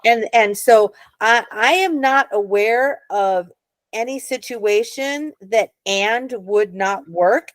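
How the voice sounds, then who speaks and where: Lady hebrew teacher, kinda high voice, patient, dry close sound. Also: slow pace, dry recording. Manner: patient, encouraging, explains step by step. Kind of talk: adult Hebrew reading class.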